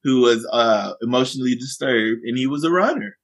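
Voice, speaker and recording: A man, a teacher and podcast guest, telling a funny classroom story in animated conversation and acting out the quotes. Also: mid-range voice, a little fast. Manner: lively anecdotes, acts out quotes.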